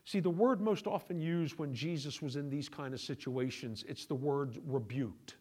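A middle-aged male pastor preaching a sermon in a conversational way, moving between quiet asides and raised, emphatic points. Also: fairly high pitch, moderate pace, slightly rough.

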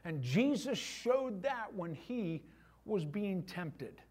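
A middle-aged male pastor preaching a sermon to his church, animated, with voiced asides. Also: high voice, takes it slowly, husky.

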